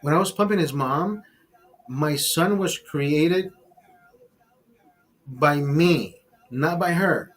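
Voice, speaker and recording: A man hosting a casual podcast, telling a long profane story in a rambling, animated way. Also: on the high side, slow, pauses often. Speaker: podcast host.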